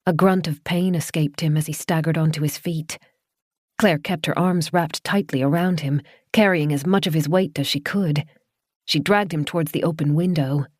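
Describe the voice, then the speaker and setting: Low-voiced woman reading a horror audiobook. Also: moderate pace, darkish tone, no room sound, clean studio sound. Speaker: audiobook narrator. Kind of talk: scripted horror audiobook narration.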